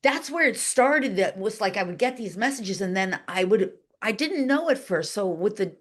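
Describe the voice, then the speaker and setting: A woman being interviewed, telling a long story in a chatty, animated way, with lots of "like" and voices acted out in quotes. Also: medium pitch, normal speed. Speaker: guest, channeler and animal communicator.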